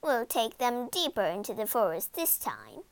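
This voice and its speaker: A woman's voice: on the high side, wildly swooping pitch, moderate pace, vocal fry, dry recording, full character voice. A woman voicing a harsh, bossy stepmother in a read-aloud storybook, snapping her lines.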